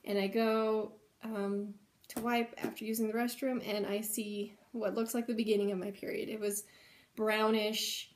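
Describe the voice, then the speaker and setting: A young adult woman vlogger, speaking at normal speed with a medium pitch and flat delivery, shares a personal story from home. She's earnest and chatty, retelling it emotionally with lots of "like" and "um."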